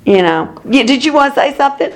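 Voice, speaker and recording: A woman's voice: high voice, animated, quick pace. A woman leads a casual Bible study. She talks in a rambling, chatty way and fills her stories with fillers and asides. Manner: chatty storyteller, many fillers, laughs at herself. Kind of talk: informal Bible study teaching with personal stories.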